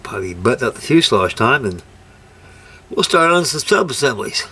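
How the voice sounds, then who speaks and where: A man's voice: medium pitch, very animated, fairly quick, bright, forceful tone, husky. An older man chatting casually while building a scale model, telling rambling folksy stories. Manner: rambling, folksy anecdotes with ungrammatical turns. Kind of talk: casual workshop chat and storytelling.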